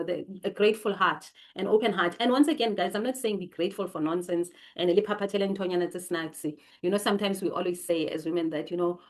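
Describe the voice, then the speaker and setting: A South African woman hosting her channel, talking to viewers in a chatty, emphatic way, jumping into high voices for quotes. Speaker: channel host. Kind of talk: casual spoken talk to viewers.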